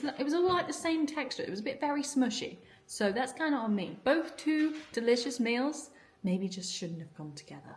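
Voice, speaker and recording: A woman's voice: medium pitch, reverberant, a little hiss or hum. A woman vlogging casually while she cooks at home, chatty and full of "like", laughing often. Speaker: food vlogger. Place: home kitchen.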